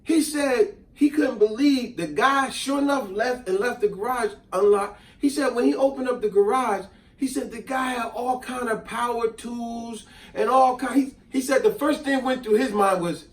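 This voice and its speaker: A middle-aged New man tells a story in casual chat, animated and acting out each voice. His voice sits high for a man. He sounds roomy and set back from the mic. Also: normal speed. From New Jersey. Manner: animated, acts out quoted voices. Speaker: host. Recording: echoey room, mic at a distance.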